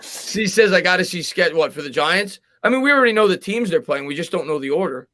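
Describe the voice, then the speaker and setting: A man hosting a live sports show, reading out viewer comments and giving quick, emphatic football opinions, often repeating words as he argues a point. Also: high-pitched, lively intonation, pushed and bright, a little hiss or hum. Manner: fast, emphatic, repeats words when arguing. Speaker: sports podcast host.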